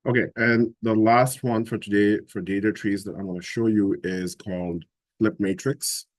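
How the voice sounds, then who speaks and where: A man teaching a live software class, explaining each step and thinking aloud as he works. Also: fairly low pitch, fairly even intonation, normal speed, no echo. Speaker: instructor.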